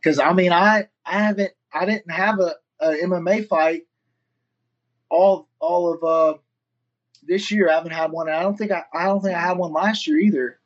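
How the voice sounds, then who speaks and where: A man's voice: sits high, steady tone, normal speed, lo-fi sound. A man, a fighter and firefighter, telling a long story in casual interview chat, swearing freely and acting out what others said. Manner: rambling storyteller, swears freely, acts out quotes.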